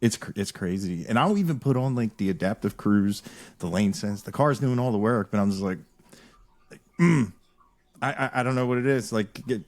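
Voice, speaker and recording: A man hosting a casual podcast chat, telling stories in an animated, rambling way with frequent restarts. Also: on the low side, a little fast. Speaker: podcast host.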